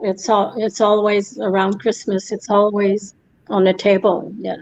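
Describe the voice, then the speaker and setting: A woman, her voice mellow and a little muffled over a video call. She answers in short, hesitant replies, with a middle pitch. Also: little pitch movement, unhurried, a little hiss or hum. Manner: brief, tentative replies. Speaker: sitter receiving a reading.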